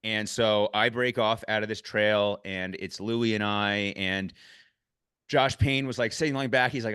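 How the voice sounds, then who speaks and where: Casual male podcast host, low resonant voice, candid, a bit profane. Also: unhurried, smooth, no room sound, studio quality. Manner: candid, swears freely, animated when retelling. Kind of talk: casual conversational recap.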